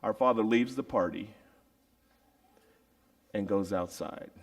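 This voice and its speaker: A man's voice: fairly low pitch, takes it slowly, long pauses, far from the mic. A man preaching a storytelling sermon in a theatrical way, with sound effects and acted voices.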